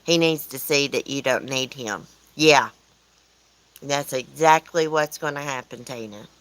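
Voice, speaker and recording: A woman's voice: very deep voice, a little slow, a bit bright, no echo, poor audio. A woman with a Southern US accent, hosting a casual livestream from outdoors at home, rambling and answering viewers' comments aloud. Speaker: livestream host.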